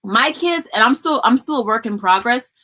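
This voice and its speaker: Hosting a casual live stream, a woman hands out homeschooling advice and chats with viewers, calling them y'all. Her voice is fairly high with lively intonation, a sharp tone, and a moderate pace.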